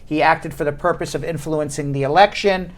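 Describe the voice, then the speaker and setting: Animated man hosting a talk show. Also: fairly high pitch. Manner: animated storyteller, quick asides, laughs while telling. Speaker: host. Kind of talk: casual talk show banter.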